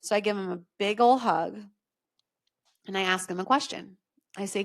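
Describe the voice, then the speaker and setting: A woman's voice: medium pitch, expressive, moderate pace, creaky. A middle-aged woman hosting a solo podcast, coaching her listeners in a conversational, emphatic way and often checking in with "okay?". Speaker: podcast host and business coach.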